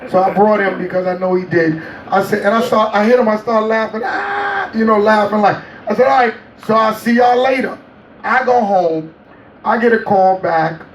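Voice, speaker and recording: Laughing animated male storyteller. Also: high-pitched, moderate pace, echoey room, far from the mic, slight background noise, poor audio. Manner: animated storyteller, laughs often, acts out quotes. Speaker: interview guest. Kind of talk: storytelling interview.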